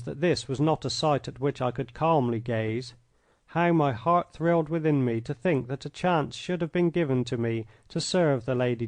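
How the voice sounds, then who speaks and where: A man reading an old adventure story aloud in the first person, measured and expressive, close to a studio mic. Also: mid-range voice, no room sound. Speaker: audiobook narrator.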